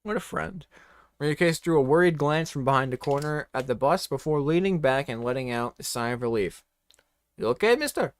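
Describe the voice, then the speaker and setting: A man's voice: fairly high pitch, normal speed, clear, resonant tone, no room sound. A man reading a comedic story aloud in a playful, mock-dramatic way, breaking off for joking asides.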